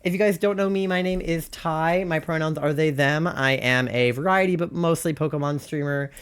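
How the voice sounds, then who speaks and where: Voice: medium pitch, moderate pace, clean tone. A young adult streamer, sick and sounding off from their usual voice, chatting casually and rambling with giggles and lots of fillers. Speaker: Twitch streamer. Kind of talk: casual live-stream chat.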